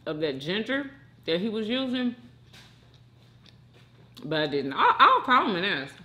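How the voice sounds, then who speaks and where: Lady hosting an eating show, bright voice, gushing to the viewers. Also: medium pitch, unhurried. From United States. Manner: animated and effusive, talks straight to viewers as "y'all". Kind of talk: casual eating-show chat.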